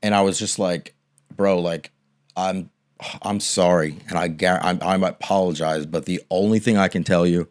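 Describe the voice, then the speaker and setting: A man's voice: sits low, fairly even intonation, normal speed. A young man co-hosting a podcast, telling a long story in a loose, swearing, chatty way and acting out the quotes. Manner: rambling storyteller, acts out quotes, swears casually. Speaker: podcast co-host. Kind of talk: casual storytelling chat.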